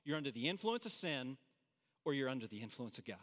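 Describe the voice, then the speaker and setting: A man's voice: medium pitch, very animated, fast, a bit bright. A man preaching a sermon to a room, earnest and emphatic, with casual asides. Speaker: pastor. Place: large room with audience. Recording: hall reverb.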